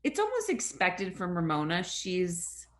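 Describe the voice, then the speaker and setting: A woman's voice: on the low side, wildly swooping pitch, unhurried, a bit bright. A woman co-hosting a casual podcast chat, speaking in a blunt, disapproving way.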